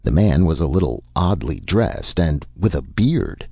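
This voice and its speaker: A man reading a short story aloud as narrator, in a steady storytelling way. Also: extremely low pitch, unhurried, creaky, slightly rough, no room sound, highs cut off.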